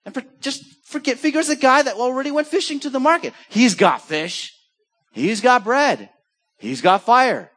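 A man's voice: extremely high pitch, moderate pace. A male pastor preaching a sermon in a rhetorical style, acting out bits of dialogue as he goes. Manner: animated, rhetorical, acts out dialogue.

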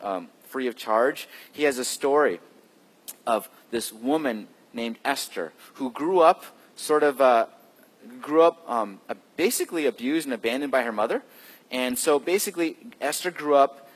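A man delivering a sermon at a medium pitch, his voice trailing in a long hall reverb. He shifts from forceful emphasis to soft, slowed phrases and keeps asking his listeners questions. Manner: swings between loud emphasis and hushed, drawn-out phrases; conversational, asks the listeners questions. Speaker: pastor.

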